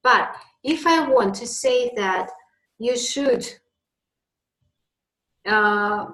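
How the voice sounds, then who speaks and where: A woman's voice: a little high, drawn-out words, fairly bright tone, reverberant, rough recording. A woman teaching an English lesson, patiently explaining with examples.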